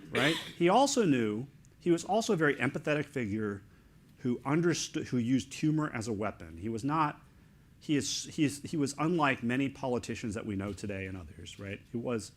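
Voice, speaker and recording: Excitable middle-aged man telling a story. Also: mid-range voice. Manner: excitable, animated, talks in quick fragments. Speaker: author and guest speaker. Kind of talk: storytelling in a live interview.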